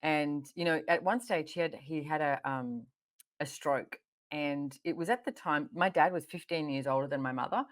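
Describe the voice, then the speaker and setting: Low-pitched female host; lively, anecdotal, conversational interview delivery. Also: moderate pace. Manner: animated storytelling, frequent laughter. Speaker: podcast host.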